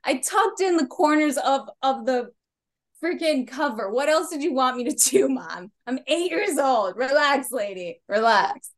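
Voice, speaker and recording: A woman acting out her eight-year-old self, pleading and whining in a high voice. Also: lively intonation, a little slow. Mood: exasperated.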